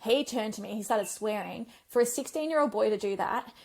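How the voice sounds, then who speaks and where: Gravelly woman, chatty physio. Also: fairly high pitch, a little fast. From Australia. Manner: chatty storyteller, animated retellings, frequent um and like. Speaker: physiotherapist guest. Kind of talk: conversational podcast interview.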